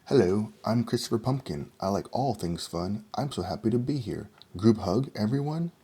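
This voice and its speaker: A kind, cheerful pumpkin boy chatters eagerly and warmly, as a man puts him on. The pitch is lifted over a gravelly, dark base voice. It plays as a storybook read-aloud. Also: expressive, normal speed. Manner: bright, eager and friendly.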